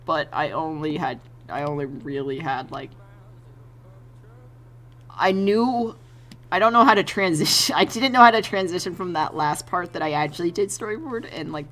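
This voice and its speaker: A woman streamer chatting casually while she draws, excitable, laughing often and swearing freely. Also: low-pitched, moderate pace. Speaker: streamer and artist.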